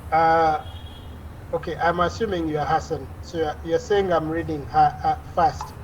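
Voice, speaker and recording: A woman's voice: low-pitched, fairly even intonation, moderate pace, highs cut off, a little hiss or hum. A woman lecturer teaching an online class over a video call, explaining at length with frequent "uh" fillers and restarts.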